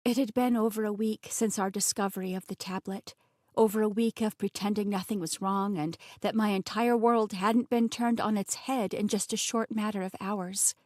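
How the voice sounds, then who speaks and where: A woman narrating a fantasy romance audiobook in an expressive, scripted style, recorded close and dry. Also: mid-range voice, moderate pace, dry recording. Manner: expressive, voices the characters.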